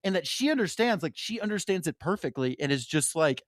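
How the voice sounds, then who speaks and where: A man's voice: on the high side, big pitch swings, fairly quick, dry recording, clean studio sound. A young man co-hosting a podcast, discussing a novel in a loose, profane way with many fillers. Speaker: podcast co-host. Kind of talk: casual book discussion.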